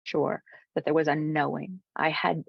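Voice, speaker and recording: A woman guest, a spiritual coach, telling a heartfelt personal story in an interview, dropping to soft whispers at times. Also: low voice, little pitch movement, normal speed, vocal fry, breathy edge, dry recording, lo-fi sound. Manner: earnest, drops to soft whispers for quoted moments.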